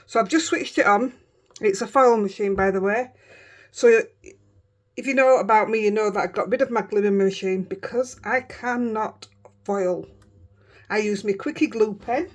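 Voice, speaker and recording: A woman with a Yorkshire accent, a crafting vlogger chatting excitedly and rambling through a casual show-and-tell. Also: medium pitch, moderate pace. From Yorkshire, England.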